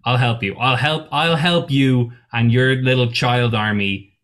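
A man's voice: mid-range voice, measured pace, a bit bright, natural voice. A man voicing a fierce, foul-mouthed woman who runs a bar, talking in an exasperated, swearing way. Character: fierce tough female bar owner with fork claws.

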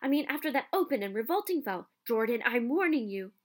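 A woman voicing a cheeky young male sports commentator in a storybook reading, calling the play with excitement. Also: a little high, a little fast. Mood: excited.

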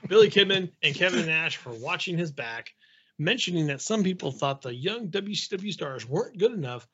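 A man's voice: on the high side, animated, moderate pace, fairly bright tone, breathy edge, muffled recording. A man hosting a casual podcast, reading notes aloud in long runs and breaking off to joke.

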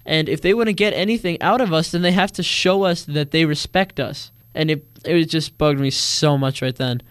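A man's voice: on the high side, moderate pace, clean tone, dry recording, studio quality. A teenage boy giving an earnest, indignant account of his own experience in a personal monologue. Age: teens. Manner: earnest, indignant, acts out quoted voices.

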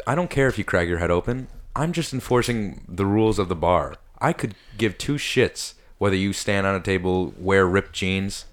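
A young man with a very deep voice rants about bar rules. He's blunt and profane, and makes no apology for it. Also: normal speed, few pauses. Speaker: bar bouncer. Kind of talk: casual chat.

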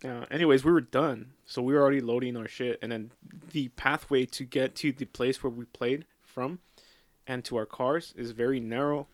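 A man's voice: medium pitch, fairly even intonation, moderate pace, no room sound. A man telling a story in casual chat, laughing often, swearing freely and dropping in Spanish slang.

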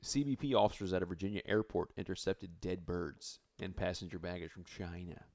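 A deep-voiced man recounts a news story on a podcast in a relaxed, deadpan way. The recording is dry and close with no room sound. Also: fairly quick, no echo. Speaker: podcast co-host. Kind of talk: casual comedic chat.

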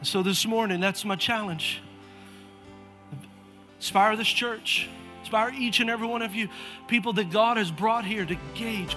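A man preaching a lively sermon as pastor of a church, energetic and calling out churchgoers by name with repeated urging. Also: high-pitched, normal speed, long pauses, over music. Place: church auditorium.

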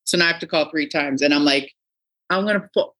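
A middle-aged woman hosting a podcast, telling stories in a casual, animated way and acting out the people she quotes. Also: low voice, brisk. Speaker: podcast host. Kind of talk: casual interview chat.

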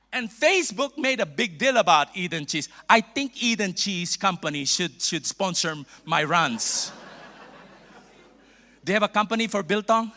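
A middle-aged man with a Filipino accent preaching a sermon as a bishop, playful and animated, with laughs and asides. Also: high voice. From Philippines.

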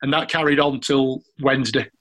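A man's voice: medium pitch, fairly even intonation, a little fast, a bit bright, rough recording. A middle-aged man with a Yorkshire accent, a former footballer chatting as a guest, telling stories with frequent laughs and restarts. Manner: chatty storyteller, laughs often, restarts sentences. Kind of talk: casual anecdotal chat.

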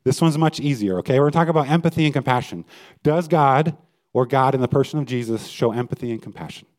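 Speaking fast in a darkish, medium-pitched voice, this man preaches in a conversational style. He is a pastor who keeps asking his audience questions.

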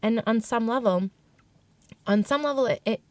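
A woman's voice: a little high, moderate pace, no room sound. A woman guest telling a candid personal story in an interview, reflective and emotional, often restarting her sentences.

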